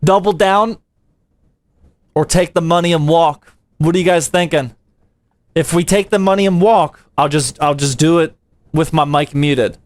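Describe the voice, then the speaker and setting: A man's voice: fairly high pitch, measured pace, pauses often, no echo. Slangy young man streaming a PC build. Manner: slangy and playful, talks to chat, says "dude" and "man". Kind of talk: casual livestream chat while building a PC.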